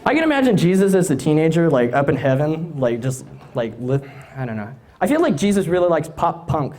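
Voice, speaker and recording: A young man in his late teens doing stand-up at a live venue, his voice fairly high and very lively in its ups and downs. He rambles and restarts, often amused at his own jokes, speaking into a handheld stage mic. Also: fairly quick. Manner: rambling, hesitant, self-amused. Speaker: stand-up comedian.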